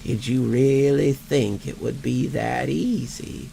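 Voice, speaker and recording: A man performs a menacing undead corpse in a horror story, his voice a dry, gravelly wheeze. He drags each word out slowly and keeps it low and quiet, with faint rain behind him. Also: steady tone, a little hiss or hum, rough recording. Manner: slow, drawn-out and quiet.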